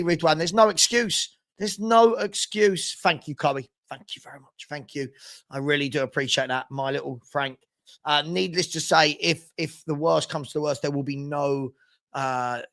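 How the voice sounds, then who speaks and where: A young man with a noticeably high-pitched voice hosts a live football watchalong. He talks in a loose, chatty way, reading out viewer comments and answering them off the cuff. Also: a bit bright. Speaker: watchalong host. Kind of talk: casual live-stream chat.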